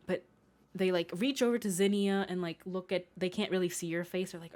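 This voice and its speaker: A woman's voice: fairly low pitch, a little fast, darkish tone. A woman narrating as game master, describing scenes in a hesitant way with many fillers.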